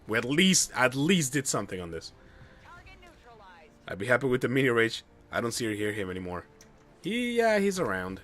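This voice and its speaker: A man streaming a game live, commenting excitedly and swearing at bad luck. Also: mid-range voice, moderate pace, long pauses, soft background music. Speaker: gamer streaming a playthrough.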